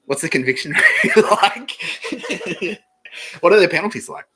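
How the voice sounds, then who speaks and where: Swearing, bright-voiced Australian comedy podcaster. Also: male voice, high voice, wildly swooping pitch, slow pace, husky, low-quality recording. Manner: swears a lot, laughs at own jokes. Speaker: podcast host. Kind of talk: rambling comedic monologue.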